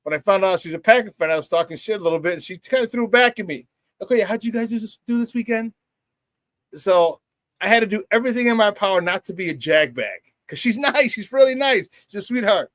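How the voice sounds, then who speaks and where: A man's voice: sits high, animated, quick pace, fairly bright tone, dry recording. A middle-aged man hosting a live morning sports talk show, hyped and boisterous, laughing often as he reads out viewer comments.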